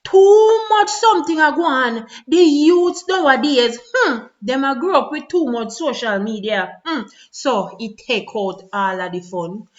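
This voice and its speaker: Jamaican woman vlogger, high bright voice, sing-song pleading lament on a dull lo-fi recording. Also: a little slow, few pauses. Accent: Jamaican Patois. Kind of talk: spoken-word lament.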